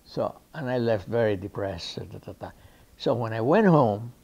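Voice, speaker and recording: A Cuban man whose first language is Spanish, speaking English with a Cuban Spanish accent. He is an actor in an interview, telling his anecdotes lively and acting out the people he quotes. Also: lowish voice, moderate pace, lo-fi sound. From Cuba. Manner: lively raconteur who acts out the people he quotes.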